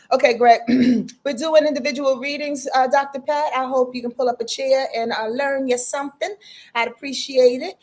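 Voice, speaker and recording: Chatty woman astrologer, slightly high voice. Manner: frank, affectionate, profane, chatty. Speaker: astrologer giving live readings. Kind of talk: live-stream psychic reading.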